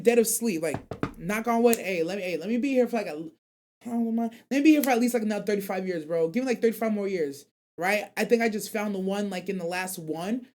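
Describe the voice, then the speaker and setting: A young man with a high-sitting voice hosts an anime call-in radio show. He chats casually and reads out viewer comments, rambling loosely with plenty of slang.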